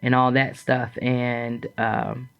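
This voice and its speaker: A woman's voice: slow pace, gravelly. Woman guest, frank and chatty storyteller, acts out the voices of others; slightly muffled recording. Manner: animated, acts out quoted voices with big jumps in pitch; frank and chatty, with frequent fillers. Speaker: podcast guest. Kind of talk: casual personal storytelling.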